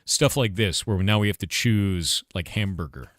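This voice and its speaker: Speaking at normal speed, a man in his forties with a deep, slightly bright voice talks casually on his livestream as a game developer and streamer. There's no echo and the studio sound is clean, and he wanders from topic to topic, laughing often and swearing offhandedly.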